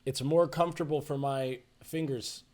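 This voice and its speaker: A man teaching music production in a relaxed, chatty tutorial, thinking aloud as he works. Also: a little high, moderate pace, background noise. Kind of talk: screen-share tutorial.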